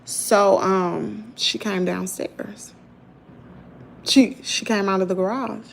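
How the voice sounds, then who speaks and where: A middle-aged woman with a Southern US accent, telling a story to her viewers in an animated, chatty way. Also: medium pitch, slow pace, creaky, a little hiss or hum. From Mississippi, US. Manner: animated, talks to viewers as "y'all". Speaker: vlogger. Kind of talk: casual storytelling.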